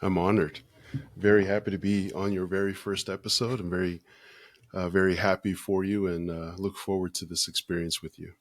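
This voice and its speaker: A man in his fifties from the United States, a podcast guest speaking slowly and thoughtfully with many pauses. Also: sits low, little pitch movement, no echo, clean studio sound. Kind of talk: casual interview talk.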